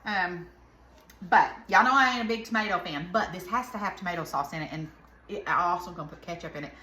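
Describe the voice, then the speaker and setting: In a roomy-sounding casual cooking vlog, a Southern American woman talks to viewers as she cooks at home, rambling off into folksy tangents. Her fairly low voice moves fast and has a sharp tone.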